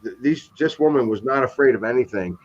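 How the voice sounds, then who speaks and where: A man hosting a live stream and telling a long story in casual chat, rambling and animated, with frequent restarts. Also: mid-range voice, a little fast, lo-fi sound.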